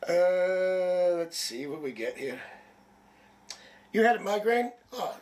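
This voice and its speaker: A man's voice: high-pitched, animated, slow, darkish tone, distant mic. A man from Canada reading tarot on a live stream, chatty and rambling, with jokes, a sniffle and a headache. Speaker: tarot reader.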